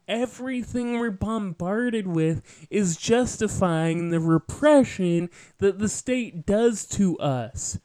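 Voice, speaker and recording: High-voiced, deliberate male political commentator. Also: warm tone, no room sound. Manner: opinionated, lecturing, sardonic. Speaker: podcast host.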